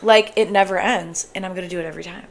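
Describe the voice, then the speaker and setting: A woman's voice: lowish voice, fairly even intonation, quick pace, a little hiss or hum. A young woman co-hosting a casual podcast, talking in a loose, chatty way with lots of "like" and some casual swearing. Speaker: podcast co-host. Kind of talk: casual chat.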